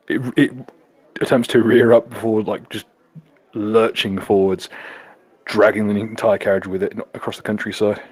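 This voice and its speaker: A man's voice: fairly low pitch, little pitch movement, a little slow, long pauses, breathy edge, no echo. A man narrating a tabletop game as game master, laughing and swearing as he stumbles over words.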